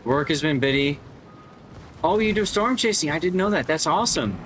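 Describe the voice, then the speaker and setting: A man live-streams a game, chatting casually, joking with viewers and greeting the chat. His voice is fairly high and animated at a normal speed, with background noise and game gunfire behind him.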